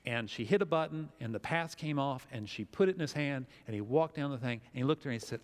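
A man preaching a sermon as pastor, telling a story with lively acted-out quotes. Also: medium pitch, fast, long reverb tail.

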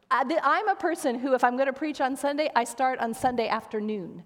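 A woman's voice: high-pitched, fairly quick, hardly any pauses. Woman preaching in a reverberant sanctuary. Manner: warm conversational preaching, playful asides. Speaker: associate pastor. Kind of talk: sermon. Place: church sanctuary. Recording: long church reverb.

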